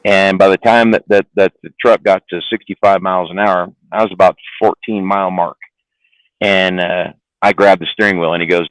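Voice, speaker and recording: Gruff-sounding low male trucker, swears freely, dry close sound. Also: fairly even intonation, moderate pace, dry recording, low-quality recording. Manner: rambling, profane, repeats words. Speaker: trucker guest. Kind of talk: casual storytelling on a live stream.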